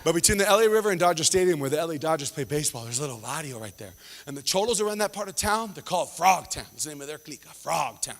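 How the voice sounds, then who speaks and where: A man doing a stand-up comedy set, animated and laughing as he acts out voices. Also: fairly high pitch, rapid-fire, long reverb tail.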